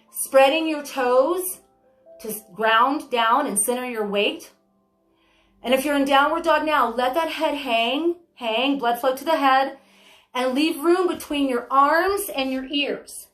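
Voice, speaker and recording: High-voiced woman teaching yoga. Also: fairly bright tone, reverberant. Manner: encouraging, chatty, gives step-by-step cues. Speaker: yoga instructor. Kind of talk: guided yoga instruction. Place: home studio room.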